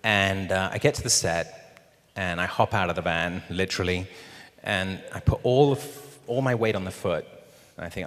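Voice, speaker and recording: British male guest, low voice, lively storyteller on a stage mic in a reverberant cinema. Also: normal speed. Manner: animated storyteller acting out quotes. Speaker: guest actor at a Q&A. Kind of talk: anecdote told to a live audience. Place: large screening theater. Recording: long reverb of a cinema hall.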